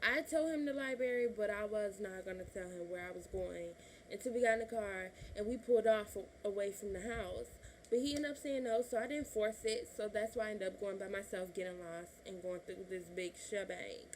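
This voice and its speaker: A woman's voice: medium pitch, brisk, a little hiss or hum. A woman of twenty-one from Illinois, telling a personal story to her camera in a chatty vlog, laughing often and acting out what her family said. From Illinois, USA. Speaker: vlogger.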